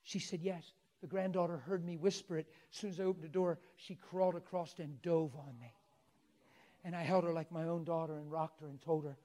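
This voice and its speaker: Animated high-voiced male preacher. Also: brisk. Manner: animated, swings from soft coaxing to loud exclaiming. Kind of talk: storytelling sermon.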